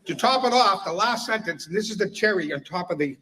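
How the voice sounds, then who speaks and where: A man gives a retirement tribute, telling funny stories and laughing at his own jokes. His voice sits a little high for a man. He is heard from some distance off the mic. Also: lively intonation, fairly quick, sharp tone. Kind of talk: humorous public speech.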